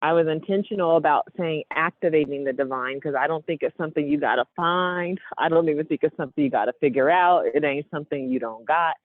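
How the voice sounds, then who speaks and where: A woman's voice: low voice, fast talker, hardly any pauses, no echo. A woman hosting a walking podcast by phone, out of breath, reflective and folksy. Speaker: host. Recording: tinny dry phone line.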